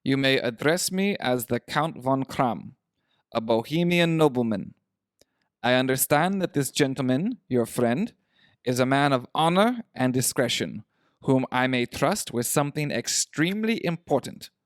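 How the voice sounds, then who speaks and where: A proud and secretive masked nobleman who speaks in a formal, stiff and guarded manner, as a male reader voices him. The voice sits at a middle pitch. The recording is close and dry. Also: animated, unhurried, dry recording, lightly acted.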